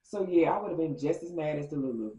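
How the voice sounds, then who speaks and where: Animated woman telling a story. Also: fast talker, roomy sound, rough recording. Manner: animated, acts out quotes with jumps in pitch. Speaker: storytime vlogger. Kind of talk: casual storytelling.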